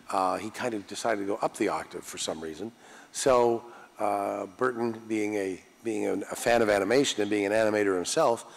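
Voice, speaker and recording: A man's voice: on the low side, creaky. An older man, a voice actor guest at a convention panel, telling self-deprecating anecdotes in a chatty way. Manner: self-deprecating, chatty, restarts mid-sentence. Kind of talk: anecdotal Q&A storytelling. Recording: long hall reverb.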